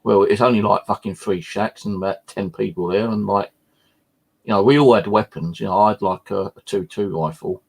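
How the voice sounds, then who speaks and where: A man's voice: lowish voice, a little fast, gravelly, darkish tone, husky. A man hosting a live stream, chatting casually and rambling with frequent swearing and fillers. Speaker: channel host.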